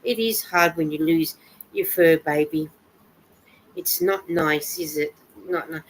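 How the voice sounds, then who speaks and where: A woman hosting a casual live chat from home while she knits, greeting viewers by name, reading their comments aloud, and adding soft sympathetic asides. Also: sits low, fairly even intonation, slow, a little hiss or hum, rough recording. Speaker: livestream host.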